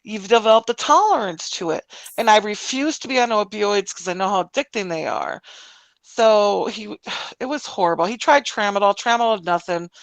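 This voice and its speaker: Gravelly-voiced woman co-host, dry sound. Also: medium pitch, lively intonation, moderate pace, no echo, poor audio. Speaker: stream co-host. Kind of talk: casual chat.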